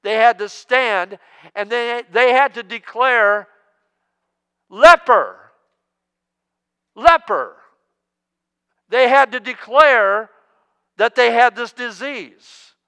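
A man in his sixties preaching a sermon as pastor, joking and emphatic, swinging between loud outbursts and hushed asides. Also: extremely high pitch, fairly even intonation, slow pace, clean tone, big-room sound. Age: 60s.

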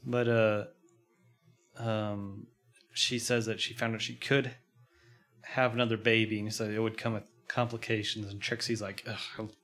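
A man's voice: fairly low pitch, flat delivery, normal speed, a bit bright. A man casually recapping a TV episode, laughing often and acting out quotes. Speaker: podcast host.

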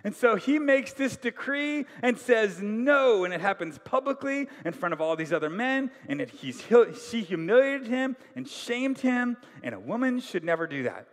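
High-voiced animated man preaching a sermon. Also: normal speed, hardly any pauses. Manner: animated storytelling, acts out voices, asks the audience questions. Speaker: pastor. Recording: long hall reverb.

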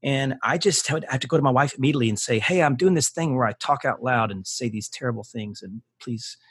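Man, podcast guest, husky voice, earnest, heartfelt faith talk and prayer, dry close sound. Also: mid-range voice, fast, no echo. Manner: earnest, restarts often, repeats words for emphasis.

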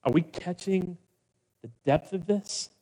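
A man preaching a sermon as pastor, with dramatic pauses, hushed low passages and rousing calls to the congregation. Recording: long hall reverb.

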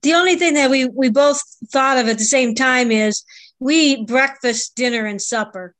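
A woman's voice: sits high, moderate pace, fairly bright tone, no room sound. A woman from a rural area, answering a question in class in a plain, matter-of-fact way. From rural northeast Ohio. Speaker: class participant.

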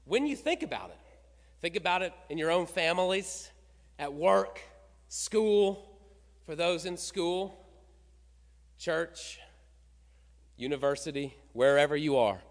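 A man's voice: on the high side, expressive, slow, long pauses. A middle-aged man preaching a sermon, asking rhetorical questions and building to emphatic peaks. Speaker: pastor. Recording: reverberant hall.

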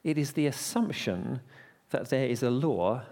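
A man's voice: medium pitch, animated, a little slow, mellow. A man preaching a carol service message in a church, conversational and playful, telling puns. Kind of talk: sermon with jokes. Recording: long church reverb.

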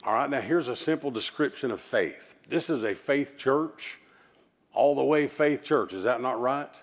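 Man, pastor, emphatic sermon, call-and-response, folksy asides, mid-pitched voice. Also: normal speed.

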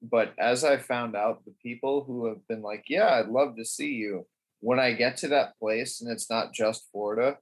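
A man's voice: mid-range voice, moderate pace, husky. A man co-hosting a podcast, joking around, laughing often and swearing in casual chat. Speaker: podcast co-host.

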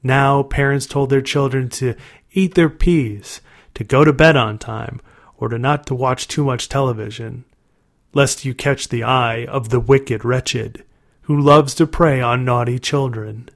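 A man narrating a dark storybook in a measured, dramatic reading. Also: medium pitch, steady tone, vocal fry.

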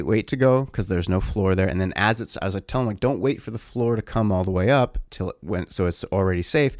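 Low-voiced man telling a rambling story. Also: no room sound, clean studio sound. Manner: rambling, animated, swears casually. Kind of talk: casual storytelling monologue.

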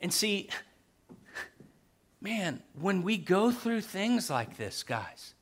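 A man preaching a sermon as pastor, emphatic, repeating key phrases and swinging from soft to loud. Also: sits high, big pitch swings, very slow, a little hiss or hum.

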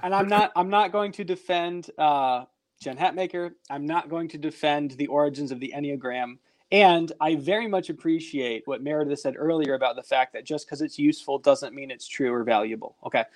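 A man co-hosting a casual Christian podcast discussion, speaking in a measured, careful way and politely pushing back. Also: fairly high pitch. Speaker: podcast co-host.

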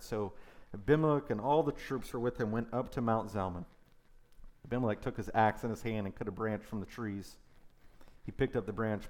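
A man's voice: on the low side, a little mellow. A man preaching a sermon, reading scripture aloud and breaking in with casual conversational asides.

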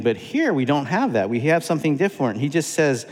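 A man's voice: fairly high pitch, very animated, fairly quick, few pauses, a little mellow. A man preaching a sermon, emphatic and repeating key phrases for weight. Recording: long hall reverb.

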